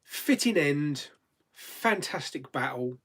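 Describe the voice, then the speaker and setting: Bloke doing a casual live chat, bit husky, voice bouncing all over, laughs a lot. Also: male voice, fairly high pitch, lively intonation, takes it slowly, a bit bright. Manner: chatty, laughs often, reads viewer comments aloud. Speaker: host of a live chat stream. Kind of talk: casual chat answering viewer questions.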